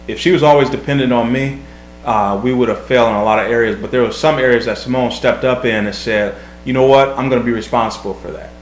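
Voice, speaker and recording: A man in his thirties, earnest and reflective, giving marriage advice in casual talk, often repeating words as he thinks. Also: medium pitch. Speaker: vlog host, husband. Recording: echoey room, faint hum.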